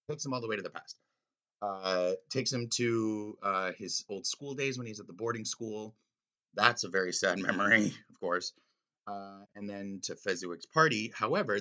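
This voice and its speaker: Bright-voiced man chatting casually. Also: lowish voice. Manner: rambling, filler-heavy, enthusiastic. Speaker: reader discussing a classic story. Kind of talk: casual spoken commentary.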